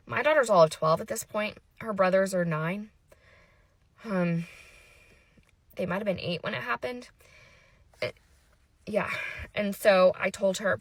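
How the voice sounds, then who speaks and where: Woman, 30s, mother doing a storytime vlog. Gravelly fry, dry close-mic sound, intense breathless delivery. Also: medium pitch, a bit bright, no echo. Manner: intense, breathless retelling with quoted dialogue. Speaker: mother telling a personal story. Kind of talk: emotional storytime monologue.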